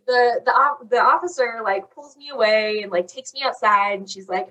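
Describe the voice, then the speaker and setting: A young woman casually telling a long story on a chat podcast, animated and saying "like" constantly. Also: a little high, moderate pace, slightly rough. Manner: animated, fills talk with "like". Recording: voice a bit far from the mic.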